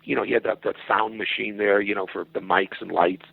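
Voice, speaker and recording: A man telling an anecdote as a podcast guest, animated and profane and acting out voices. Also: lowish voice, fairly quick, creaky, breathy edge, no echo. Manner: animated, profane storyteller who acts out voices. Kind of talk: storytelling anecdote. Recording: dull, dry lo-fi.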